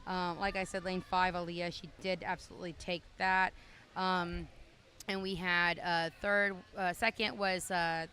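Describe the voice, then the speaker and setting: A woman's voice: lowish voice, flat delivery, a little slow, sharp tone. A woman announcing a swim meet, chatty and casual with many fillers, calling lanes and times and calling out to the kids. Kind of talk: live meet announcing over a PA. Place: indoor pool meet. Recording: noisy poolside recording.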